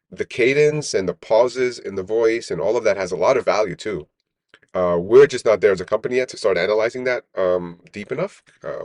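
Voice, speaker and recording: Low-pitched and recorded dry, a middle-aged founder chats animatedly in a casual interview, repeatedly ending his points with "right?".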